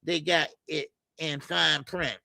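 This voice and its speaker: Gravelly, high-voiced man hosting a boxing stream. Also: fairly even intonation, takes it slowly, bright, forceful tone, no echo. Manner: loose and profane, lots of filler stammers. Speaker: boxing show host. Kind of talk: casual live-stream chat reading comments.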